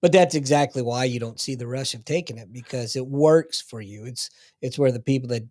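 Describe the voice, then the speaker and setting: A man co-hosting a podcast in casual chat, agreeing supportively and finishing his partner's sentences, often trailing off quietly. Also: medium pitch, fairly quick, no echo. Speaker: podcast co-host.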